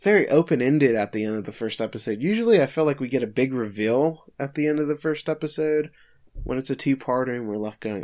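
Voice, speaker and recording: A man's voice: medium pitch, lively intonation, brisk, a little mellow. A man co-hosting a podcast, casually recapping an episode with filler words and light chuckles. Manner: laid-back summarizing with filler words and chuckles.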